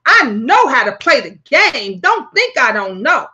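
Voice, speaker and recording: A woman hosting her own talk vlog, telling stories in a brash, profane, animated way. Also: sits high, unhurried. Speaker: talk show host.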